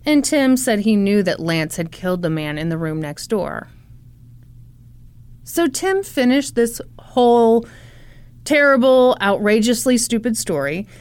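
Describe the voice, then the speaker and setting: A woman with a fairly high voice telling a true-crime story to her co-host. She talks casually and sarcastically, with laughing asides and the occasional swear word. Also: lively intonation, unhurried, a little mellow, smooth, no room sound.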